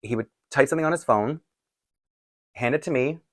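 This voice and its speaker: A man with a medium-pitched voice speaking fairly quickly hosts a casual question-and-answer video for his doll collecting channel from a home filming set-up. He's chatty and rambling, laughs frequently, and his voice gets tired; the audio has no room sound.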